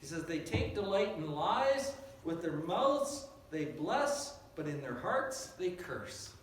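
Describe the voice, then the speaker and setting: A man preaching a sermon in an earnest, emphatic way, dropping low and quiet on key phrases. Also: big pitch swings, slow pace. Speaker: pastor. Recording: echoey and distant, faint noise.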